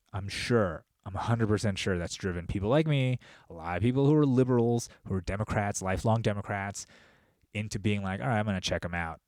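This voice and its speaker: A man with a lowish voice delivers a loose, rambling podcast monologue, full of swearing and quick shifts into animated storytelling. The sound is close and dry, with no room around it. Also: dry recording. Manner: profane, rambling, animated storytelling with laughs and impressions. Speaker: podcast host. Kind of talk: casual monologue.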